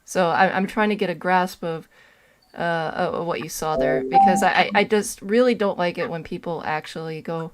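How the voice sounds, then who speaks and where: Stammering low-voiced woman joining chat. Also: normal speed. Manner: stammering, insistent. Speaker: caller joining a podcast. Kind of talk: casual chat.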